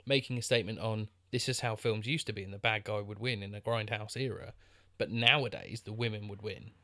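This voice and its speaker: A man's voice: fairly low pitch, fairly even intonation, fairly quick, bright, forceful tone, no room sound. A man co-hosting a podcast, chatting casually about a film with many restarts and fillers. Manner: rambling, lots of restarts and fillers. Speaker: podcast co-host.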